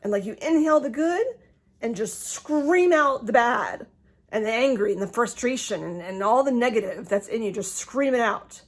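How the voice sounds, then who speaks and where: A woman's voice: on the high side, expressive, normal speed. Chatty woman vlogging at home. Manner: chatty, laughs often, talks with restarts. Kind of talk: casual personal vlog. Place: home, indoors. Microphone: phone.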